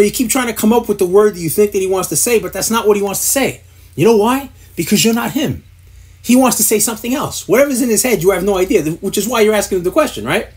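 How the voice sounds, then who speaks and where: Blunt, profane man with a husky voice. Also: high voice. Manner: blunt, profane and exasperated, mocking with mimicry. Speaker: podcast producer. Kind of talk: ranting advice to camera.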